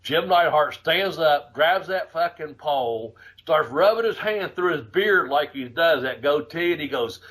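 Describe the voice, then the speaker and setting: A man hosting a podcast, telling a road story in a casual, profane, animated way, laughing as he goes. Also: fairly high pitch, a little slow, hardly any pauses, husky. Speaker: podcast host.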